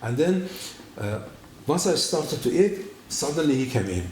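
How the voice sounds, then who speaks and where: A man giving his personal testimony at a church, telling his story in an animated way and acting out the dialogue. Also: fairly high pitch, normal speed, slight background noise. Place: church hall. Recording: echoey room.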